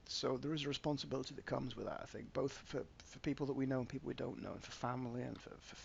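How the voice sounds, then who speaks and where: A man's voice: medium pitch, racing, creaky, dull audio, a little hiss or hum. A man, an author, talking frankly and self-deprecatingly in a casual podcast chat, with stammering restarts.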